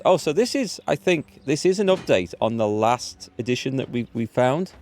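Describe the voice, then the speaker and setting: A man's voice: medium pitch, big pitch swings, a little slow, darkish tone, soft background music. A man streaming a game live from indoors at home, chatting in an upbeat way and thinking aloud as he plays. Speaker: gaming streamer.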